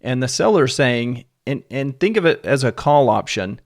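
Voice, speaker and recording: A man calmly explaining a finance topic on a podcast, checking in with short questions as he goes. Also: mid-range voice, moderate pace. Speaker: podcast host explaining options.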